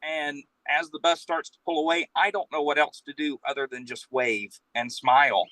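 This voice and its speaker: A man's voice: on the high side, moderate pace, no echo, rough recording. A man, rambling through an anecdote and acting out the quotes. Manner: rambling, animated storytelling with acted-out quotes. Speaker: guest storyteller, professional Santa. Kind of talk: casual anecdote telling.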